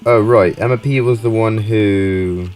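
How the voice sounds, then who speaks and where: A man's voice: fairly low pitch, a little slow, a little mellow, close to an everyday voice, low-quality recording. A man voicing a goofy middle-aged single dad in a dating game, reading his lines with teasing dad jokes. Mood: playful. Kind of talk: game dialogue read aloud.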